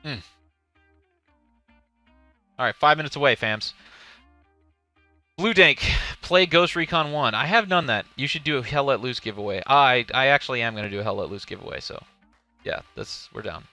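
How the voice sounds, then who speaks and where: A man's voice: medium pitch, expressive, normal speed, long pauses, pushed and bright, no echo, soft background music. A man streaming live, giving casual, profane commentary on a game showcase and reading chat questions aloud.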